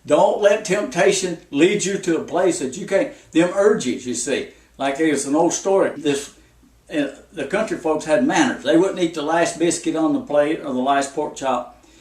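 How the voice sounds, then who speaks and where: A man's voice: a little high, moderate pace, darkish tone, recorded from a distance. A man preaching a folksy sermon full of stories and repeated warnings. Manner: folksy, repetitive warnings with anecdotes. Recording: echoey room, speaker off-mic.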